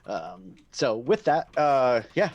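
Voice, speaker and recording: A man narrates a tabletop game as its game master. His voice sits at an ordinary middle pitch, and he rambles loosely, with plenty of fillers as he describes the action. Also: big pitch swings, slow pace, muffled recording. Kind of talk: narrating a tabletop game over a live stream.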